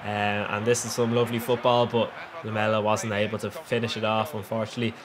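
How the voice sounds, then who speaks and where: A young man with an Irish accent doing cheeky, excitable voice-over commentary on his own gameplay, laughing often. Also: lowish voice, fast talker, crowd noise. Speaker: gaming channel host.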